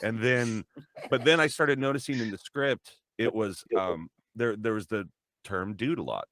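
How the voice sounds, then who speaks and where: A man who works as a voice actor talks loosely about his work, rambling, restarting his sentences and laughing at his own stories. His voice sits on the low side and sounds dry, as if it is close to the mic. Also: animated, normal speed, fairly bright tone, no room sound. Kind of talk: casual chat.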